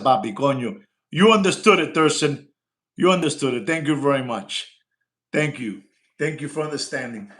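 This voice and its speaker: Brash male watch dealer, live-stream patter, repeats himself, slips into Spanish slang, echoey room. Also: medium pitch. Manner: brash, rapid switching between English and Spanish slang; repeats lines and shouts for likes. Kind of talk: casual live-stream sales talk.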